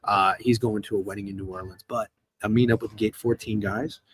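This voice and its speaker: A man's voice: lowish voice, fairly even intonation, fast talker, a bit bright, slight background noise. A man in his thirties, hosting a live stream in casual chat, rambling and profane and answering chat as he goes. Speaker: streamer host. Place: hotel room.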